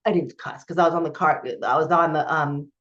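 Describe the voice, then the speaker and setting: A woman's voice: sits low, fairly even intonation, fairly quick, fairly bright tone. Candid woman telling a personal story. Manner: candid, emphatic, many fillers and restarts. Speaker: spiritual coach. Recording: dull lo-fi recording.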